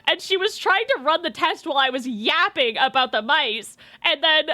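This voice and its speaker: Bright high-voiced woman rambling. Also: lively intonation, normal speed, a little hiss or hum. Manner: chatty, self-deprecating, laughs often. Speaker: streamer. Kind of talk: casual rambling storytelling.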